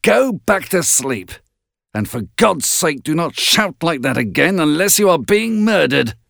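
Man playing a tormented brooding master, strained raised voice, slow, lively pitch, dry. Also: creaky, no room sound, exaggerated voice. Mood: harsh. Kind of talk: storybook reading.

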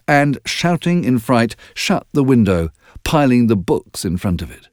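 In a studio-quality recording without echo, a man reads an audiobook in a mid-range voice. His storytelling is expressive yet measured.

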